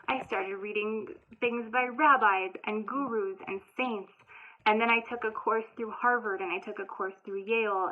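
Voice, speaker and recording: Woman in her thirties, heartfelt first-person storyteller with a halting delivery and a thin, lo-fi sound. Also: mid-range voice. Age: 30s. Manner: emotional, halting, many restarts and fillers. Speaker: author telling her story. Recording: tinny phone-like sound.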